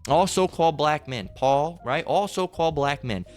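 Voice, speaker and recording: A man's voice: a little high, lively intonation, moderate pace, faint music behind. A man preaching a heated, profane sermon, ranting, repeating himself and firing off rhetorical questions between scripture readings.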